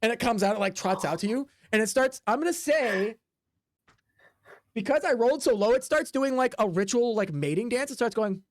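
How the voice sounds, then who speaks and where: A woman's voice: on the high side, expressive, a little fast, no echo. A woman narrating as game master of a tabletop game, rambling with many fillers and sound effects. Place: home desk.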